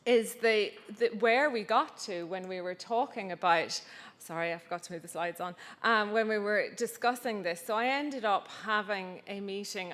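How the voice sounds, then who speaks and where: A woman's voice: medium pitch, unhurried, fairly bright tone. A woman giving a conference talk with slides, wry and anecdotal, with many fillers. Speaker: conference speaker. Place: conference hall. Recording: reverberant hall.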